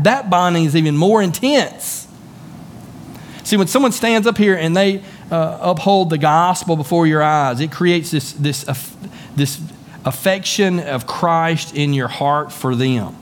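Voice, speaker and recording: In a church sanctuary, a Southern-accented man from the Southern United States preaches as pastor, speaking a little slowly in a slightly high, animated voice. His style is folksy and chatty, with frequent repeated words.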